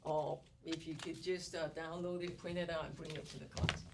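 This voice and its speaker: A woman instructor giving an economics lecture in a classroom, animated and repeating key words as she coaxes her students. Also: sits low, normal speed. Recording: distant classroom recording with background noise.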